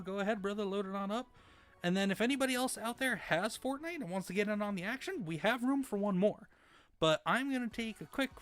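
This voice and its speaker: Excitable male streamer, high and bright, cheering on teammates live. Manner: excitable, cheers on teammates, repeats words when flustered. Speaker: streamer host. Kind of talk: live gameplay commentary and chat reading.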